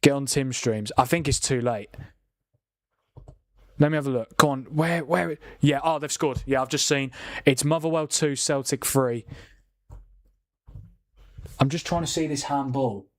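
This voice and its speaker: Young man, live stream chat, excitable, mild swearing, dry close mic. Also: medium pitch, a little slow, long pauses, dry recording. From England. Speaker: football watchalong streamer. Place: home room with windows, rain outside.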